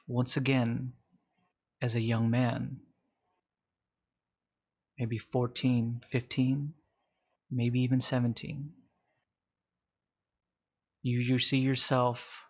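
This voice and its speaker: A man's voice: medium pitch, vocal fry. Man narrating a tabletop game on a muffled mic. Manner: casual narration with fillers, slows for calm scenes. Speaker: game master.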